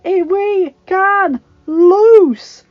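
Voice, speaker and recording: A woman reading aloud gives voice to a grim male knight shouting urgent pleas on a castle wall. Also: very high-pitched, extremely slow, highs cut off, voice pushed up, exaggerated voice. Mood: pleading shouts. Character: grim middle-aged male knight, desperate.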